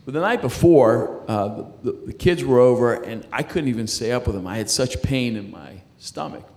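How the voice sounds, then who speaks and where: Animated yet darkish in tone, a medium-pitched middle-aged man describes his personal faith journey in conversation. The story comes out haltingly, with repeated words and restarts.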